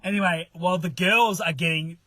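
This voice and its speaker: Animated man telling a story. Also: sits high, a little fast, no echo. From Australia. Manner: animated, swearing, laughing, acting out other people's lines. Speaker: mystery guest telling a story. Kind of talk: casual storytelling among friends.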